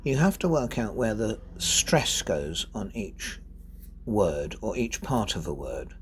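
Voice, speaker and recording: A man giving a spoken lesson on poetry, reading verse aloud and stressing syllables deliberately to show rhythm. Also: lowish voice, sing-song, a little hiss or hum. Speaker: poetry teacher.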